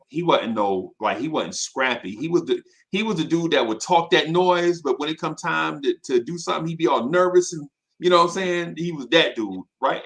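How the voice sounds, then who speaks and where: A man telling personal stories in casual chat, animated and full of fillers and asides. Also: mid-range voice, vocal fry.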